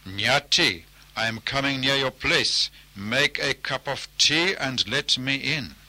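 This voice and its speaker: A man playing a vengeful spirit of the grass fire in a spoken storybook, loud and insistent, with a very bright, ringing tone and a slow, deliberate delivery. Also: medium pitch, expressive, breathy edge, heavily acted.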